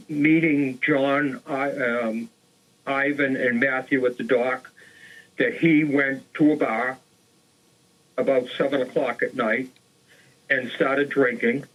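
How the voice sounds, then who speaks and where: A man tells an old murder case on a local talk show, in an easy, unscripted way, often pausing with "uh" and starting over. His voice sits at an ordinary pitch. The sound is plain and a little lo-fi. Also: fairly bright tone. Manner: casual retelling with fillers and restarts. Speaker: co-host. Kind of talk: storytelling a true crime case.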